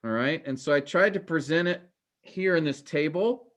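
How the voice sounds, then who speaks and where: A man teaching a class, halting with many fillers and restarts, his voice trailing off quieter at the ends of phrases. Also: on the high side. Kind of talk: classroom lecture.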